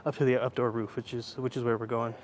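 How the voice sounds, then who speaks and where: A man's voice: mid-range voice, flat delivery, fast talker, slight background noise. Chatty man livestreaming on a phone. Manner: chatty, rambling, answers chat as he goes. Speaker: live-streamer. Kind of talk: casual live-stream chat while walking. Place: indoor library, then outdoor rooftop. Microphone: handheld phone.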